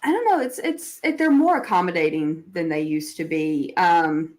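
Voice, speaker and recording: A woman speaking as a panelist in a casual chat, talkative and quick to laugh. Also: on the low side, animated, a little mellow. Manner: chatty, laughs easily.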